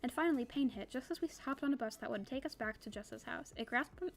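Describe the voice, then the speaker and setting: A young woman reading a novel aloud for a book club, quick and casual, with chatty asides. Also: high voice, a little hiss or hum.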